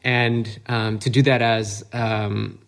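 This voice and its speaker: A man's voice: lowish voice, little pitch movement, slow pace, vocal fry. Enthusiastic rambling male host. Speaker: podcast host. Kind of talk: casual interview chat.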